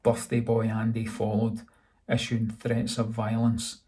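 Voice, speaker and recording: A Scottish man, the author, narrating his own novel in a steady, dry reading. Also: on the low side, a little slow. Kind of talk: audiobook narration.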